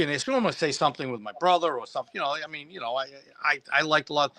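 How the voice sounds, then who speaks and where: A man recounts old memories in a loose, meandering way, stumbling over his starts and chuckling along. His voice is bright and forceful. The sound is dry and close. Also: a little high, very fast, no echo. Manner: rambling, many restarts, laughs at own story. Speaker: guest who acted as a child extra. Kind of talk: casual anecdote on a live stream.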